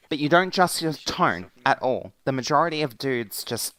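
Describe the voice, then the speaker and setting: A young woman teaching a casual voice acting class, explaining slowly and deliberately and demonstrating voices along the way. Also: rumbling low, lively intonation, a bit bright, low-quality recording. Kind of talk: casual class lecture in a virtual world.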